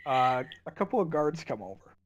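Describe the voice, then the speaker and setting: A man's voice: fairly high pitch, big pitch swings, normal speed, muffled recording. A man narrating as game master in a tabletop role-playing game, calling for checks in a matter-of-fact way.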